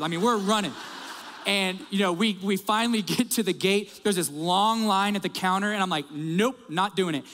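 A middle-aged male pastor telling a story in a sermon, animated and conversational, talking straight to the congregation. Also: sits high. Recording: reverberant hall sound.

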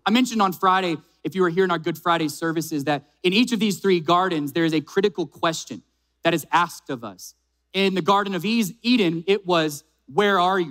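A man preaching an Easter sermon as a pastor, emphatic, slowing down and repeating key phrases for weight. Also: high-pitched, a bit bright.

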